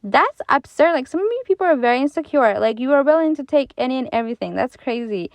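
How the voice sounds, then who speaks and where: Woman ranting about a reddit story, kinda high voice, super dry close sound, lots of um and like. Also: fast, no room sound. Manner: animated and exasperated, with many fillers and restarts. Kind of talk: casual commentary on a reddit story.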